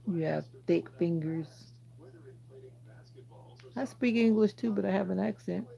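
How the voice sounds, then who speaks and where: Gravelly Jamaican woman chatting on a livestream. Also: medium pitch, a little slow, dark tone, low-quality recording. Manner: chatty, teasing, answers viewers directly. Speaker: livestream host. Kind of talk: casual livestream chat reading comments.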